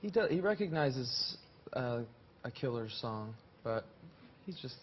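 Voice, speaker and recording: A man's voice: medium pitch, very animated, measured pace, breathy edge. A man guesting on a talk show as a rock musician, hesitant, with short answers and many restarts. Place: TV studio with live audience. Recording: dull TV sound, faint hiss.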